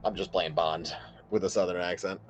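A man's voice: deep voice, fairly even intonation, moderate pace, faint music behind. A man playing a tabletop game, joking and laid-back in casual chat. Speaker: player.

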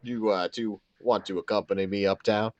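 A man voicing a courtly, suave gentleman with a put-on American Southern accent, playing a tabletop game. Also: lowish voice, fairly even intonation, moderate pace, no echo, highs cut off, close to an everyday voice. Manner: courtly, formal.

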